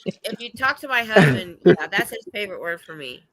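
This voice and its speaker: A woman's voice: mid-range voice, big pitch swings, fairly quick, crowd noise, low-quality recording. A woman hosting a casual live chat, joking playfully and teasing herself. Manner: playful, self-mocking banter. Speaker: host of a live chat stream.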